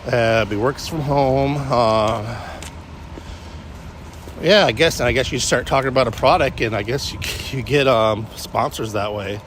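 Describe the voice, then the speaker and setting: A man's voice: medium pitch, measured pace, a little hiss or hum. Rambling man vlogging on a walk. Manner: meandering, self-interrupting, frequent restarts. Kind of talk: rambling walk-and-talk vlog. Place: outdoors on a morning walk.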